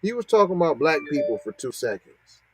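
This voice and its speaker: A man's voice: a little high, very animated, a little fast, a little mellow, breathy edge, no room sound, poor audio. A man, hosting a podcast and reacting to news clips with mocking, repetitive commentary. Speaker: podcast host.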